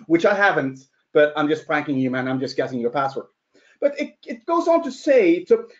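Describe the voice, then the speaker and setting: Guy giving a security talk, high-ish voice, kinda dull lo-fi sound. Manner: animated, acts out quotes. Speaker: security presenter. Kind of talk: conference talk storytelling.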